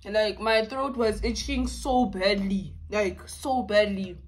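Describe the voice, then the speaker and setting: A woman's voice: mid-range voice, fairly even intonation. A young woman chats casually with her viewers over a meal, bubbly and talkative, stretching out some words. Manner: bubbly and chatty, with drawn-out words. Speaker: YouTuber. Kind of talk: casual mukbang chat.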